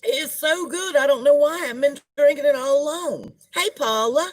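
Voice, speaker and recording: A woman's voice: sits high, moderate pace. A middle-aged woman, hosting a casual live-stream gossip chat and greeting viewers as she talks. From United States. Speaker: livestream host.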